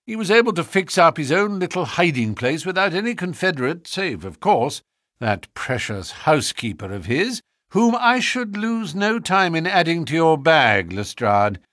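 Brief: a male reader voicing a composed, theatrical detective, precise and lively. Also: a little high, moderate pace, no echo, clean studio sound, pitched above the performer's own voice. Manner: calm, precise, faintly pompous.

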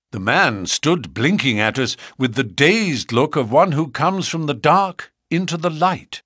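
A man reading a novel aloud as an audiobook narrator, with expressive storytelling. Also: fairly high pitch, a little slow, hardly any pauses, husky, no echo, clean studio sound. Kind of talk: scripted narration.

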